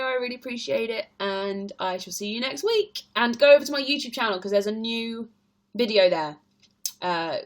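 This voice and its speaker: This young woman with an English accent performs on stage and is live-streaming casually to fans, laughing a lot as she reads and answers their questions. Her voice is a little high and expressive, at a moderate pace.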